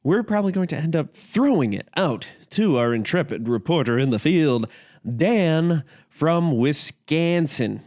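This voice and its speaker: A man's voice: fairly high pitch, expressive, unhurried, darkish tone, no room sound, clean studio sound. A man hosting a podcast in a casual, chatty, easygoing way. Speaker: podcast host.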